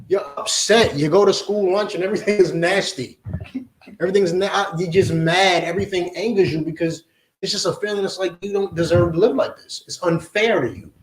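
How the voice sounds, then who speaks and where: A man preaching a confrontational lesson to his group, blunt and forceful, again and again asking whether his listeners understand. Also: sits high, echoey room, a little hiss or hum, rough recording. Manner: blunt, forceful, repetitive questioning. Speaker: Hebrew Israelite teacher.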